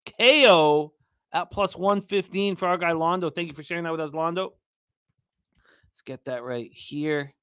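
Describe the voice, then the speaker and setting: A man's voice: a little high, lively intonation, unhurried, a bit bright, smooth, no echo, clean studio sound. A man hosting a sports betting radio show, talking energetically, rambling and throwing in crude jokes.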